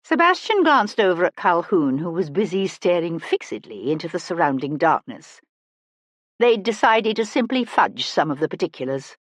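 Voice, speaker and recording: A woman narrating a historical mystery audiobook in an expressive storytelling manner, close to the mic. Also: lowish voice, moderate pace, no echo.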